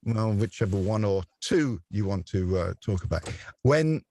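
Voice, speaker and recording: A man's voice: lowish voice, expressive, a little slow, mellow, dry recording. Chatty, laughing male radio presenter. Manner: chatty storyteller who laughs often and acts out voices. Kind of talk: relaxed anecdotal interview chat.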